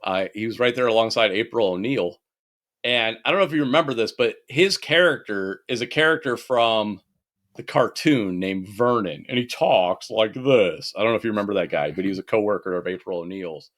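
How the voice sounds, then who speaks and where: A man's voice: lowish voice, a little fast, a bit bright. A man co-hosting a podcast, talking animatedly in casual chat, ranting and swearing freely. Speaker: podcast co-host.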